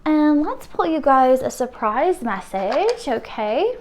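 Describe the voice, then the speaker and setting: Woman card reader, slightly high voice, effusive and emotional delivery. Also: very animated, slow, darkish tone. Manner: gushing, breathy laughs, emotional. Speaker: tarot reader. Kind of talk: intuitive card reading to viewers.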